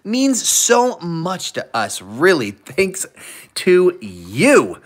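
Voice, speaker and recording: Upbeat live-stream host with lively pitch. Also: drawn-out words. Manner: upbeat, thanks viewers, laughs often. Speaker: livestream host. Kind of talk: casual live-stream chat.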